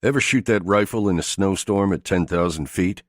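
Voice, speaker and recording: Narrator doing calm tough outdoors guy in an audiobook, deep, dry level questions. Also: normal speed, dry recording, lightly acted.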